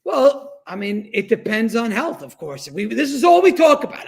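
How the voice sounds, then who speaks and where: A man co-hosting a casual sports chat over a remote call, excitable and blunt, swearing freely. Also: very high-pitched, normal speed, gravelly, few pauses. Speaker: co-host.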